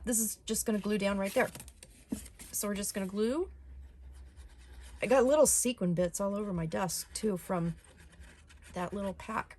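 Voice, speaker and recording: A woman at a craft desk explains each step of a paper project in a loose, chatty way, often pausing on an um or restarting a phrase. Her voice sits at an ordinary middle pitch. A faint hiss runs under the recording. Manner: chatty, relaxed, with frequent ums and self-corrections. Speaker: craft tutorial host. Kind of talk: casual step-by-step craft tutorial.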